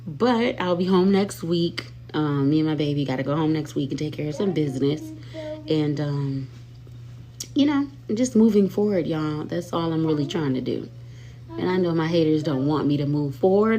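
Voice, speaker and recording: A woman chats on a live stream from home, talking sassily and directly to her followers. Her voice sits a little low, and it turns loud or quiet from one line to the next. A faint hum runs under the phone recording. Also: normal speed. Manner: sassy, talks straight to viewers, swings loud and soft. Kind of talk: casual live-stream chat.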